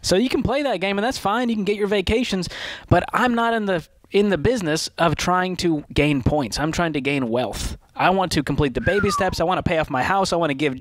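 A male co-host on a money advice show, telling lively stories to make a point. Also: high voice, a little fast, dry recording. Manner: storytelling, animated analogies. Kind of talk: casual advice talk.

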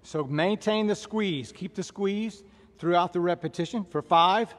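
A man's voice: high voice, a little slow, long reverb tail. A man with a Southern American accent leading a workout class, barking drill-style commands and counting repetitions. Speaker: fitness instructor. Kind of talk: workout instruction.

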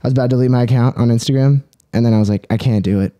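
A man's voice: mid-range voice, steady tone, racing, warm tone, clear, resonant tone. A young man chatting casually as a podcast guest, rambling with many fillers and frequent laughs.

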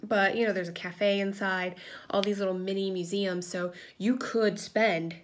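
A woman's voice: medium pitch, fairly even intonation, measured pace, slight background noise. A woman in her thirties chatting casually with lots of fillers as she tells stories during a crafting vlog at home. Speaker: crafting vlogger. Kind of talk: casual chat while crafting. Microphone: camera propped on a table.

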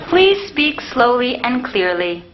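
A prim talking lift. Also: female voice, a little high, sing-song. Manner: polite, measured, automated phrasing. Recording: dull sound with loud audience laughter.

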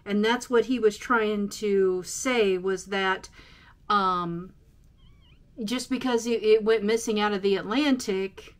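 A woman's voice: medium pitch, takes it slowly. A woman hosting a casual solo podcast, reading from her notes with many ums and uhs. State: out of breath. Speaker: podcast host.

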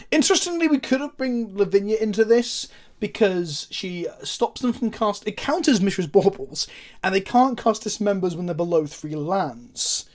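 A man's voice: sits high, a little mellow. A man commenting on his own card game as he plays, thinking aloud, asking the viewers questions and swearing now and then. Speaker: host, gameplay commentator.

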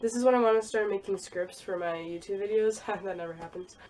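A woman's voice: mid-range voice, fairly quick, a little mellow. A young woman vlogging casually, rambling and laughing at herself as she looks through old files. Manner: rambling, self-deprecating, giggly. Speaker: YouTuber. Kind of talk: casual vlog commentary.

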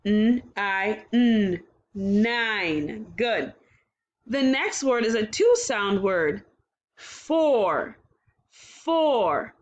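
A woman teaching a kindergarten phonics lesson, sounding out words slowly and praising the children cheerfully. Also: medium pitch, animated, lo-fi sound. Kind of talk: slow, clear phonics lesson for young children.

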